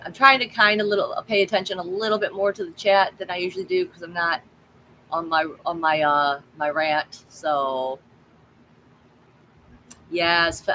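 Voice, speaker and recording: A woman's voice: fairly low pitch, a bit bright, a little hiss or hum, rough recording. A woman tarot reader chatting casually on a live stream, swearing freely and reacting to the chat.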